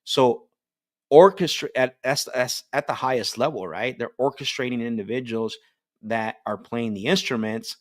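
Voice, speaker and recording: A man's voice: medium pitch, moderate pace. A man coaching a group call on sales technique, talking with energy and checking in with "right?" as he goes. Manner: energetic, repeats "right?" often, restarts sentences. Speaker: sales trainer.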